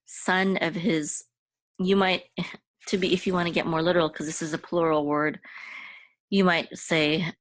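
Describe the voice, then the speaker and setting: Patient low-voiced woman teaching Hebrew. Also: level tone, no echo. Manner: patient, halting, repeats words slowly for learners. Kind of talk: walking through Hebrew letters and vowels.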